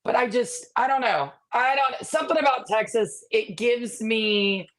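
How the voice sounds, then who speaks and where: A woman's voice: on the high side, unhurried. A woman co-hosting a casual sports talk livestream, easygoing and hesitant, with plenty of fillers. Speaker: co-host.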